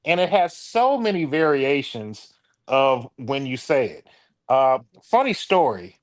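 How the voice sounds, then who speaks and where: A man's voice: mid-range voice, unhurried, no room sound. A Detroit man co-hosting a podcast in casual chat, telling stories and slipping into playful voices. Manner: storytelling, animated, swings into playful voices. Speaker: podcast co-host.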